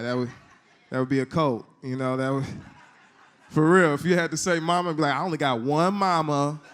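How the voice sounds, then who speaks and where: A man speaking at a church service, telling a trip story in a relaxed, joking conversational way. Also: a little high, clean tone. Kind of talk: sermon testimony.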